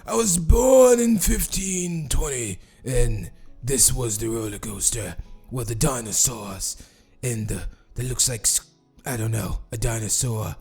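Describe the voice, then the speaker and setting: A man voicing an old male castaway who tells a slow, rambling tale. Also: medium pitch, gravelly, a little mellow, husky, faint music behind, voice pushed down. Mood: musing.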